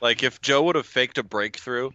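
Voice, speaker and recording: A man's voice: mid-range voice, normal speed, sharp tone, dry recording, muffled recording. A man co-hosting a casual podcast chat, cutting in with incredulous questions. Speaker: podcast co-host.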